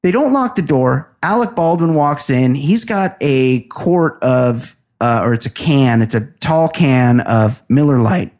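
Rambling podcast host retelling a movie. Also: male voice, medium pitch, lively intonation, measured pace, hardly any pauses, darkish tone. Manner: rambling retelling, acting out characters' lines. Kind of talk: casual comedic movie recap.

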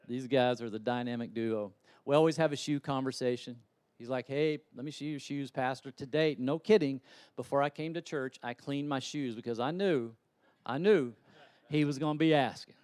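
Middle-aged man, pastor, sermon, impassioned then quiet storytelling, dry close sound. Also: medium pitch, moderate pace, clean tone, dry recording. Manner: impassioned, swings from loud urging to quiet storytelling. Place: church sanctuary.

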